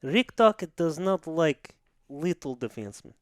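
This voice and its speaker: A man putting on a mock Russian accent to play a boastful middle-aged male hockey coach who talks in slow, broken English. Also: fairly high pitch, lively intonation, no room sound, clean studio sound. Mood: pompous.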